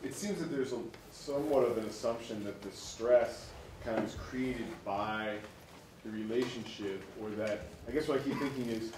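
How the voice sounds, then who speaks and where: A man's voice: mid-range voice, normal speed. A man in the audience asking a question at a seminar, hedging and hesitant as he works out his point. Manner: hesitant, hedging with many fillers. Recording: roomy, distant audience mic with faint noise.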